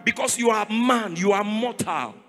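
A man with a Nigerian accent preaching a sermon in a sing-song cadence that rises to shouts. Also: sits high, normal speed. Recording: reverberant hall with faint music.

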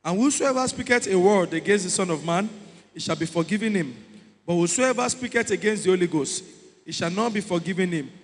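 A man reading scripture aloud in a steady, formal way during a sermon. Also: sits high, a little fast. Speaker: scripture reader. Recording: echoey hall with long reverb.

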